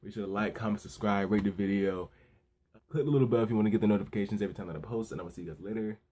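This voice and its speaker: A man hosting his own review channel, recapping a chapter in an excited, rambling way with lots of restarts and asides. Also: lowish voice, racing. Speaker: manga review channel host. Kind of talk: casual recap vlog.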